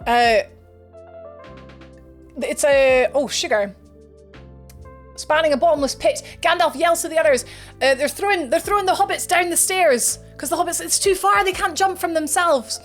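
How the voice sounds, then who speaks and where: A woman streamer retelling a fantasy story with animated, chatty narration, slangy asides and self-corrections. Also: very high-pitched, normal speed, long pauses, soft background music. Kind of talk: casual dramatic retelling of a story.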